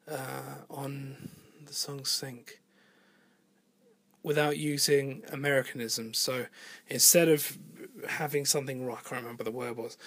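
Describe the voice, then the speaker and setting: A man's voice: on the high side, a bit bright, dry recording. A man, a singer-songwriter, talking casually about making his album, thinking aloud, rambling and swearing now and then. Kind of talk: casual spoken monologue about album production. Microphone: home voice recording.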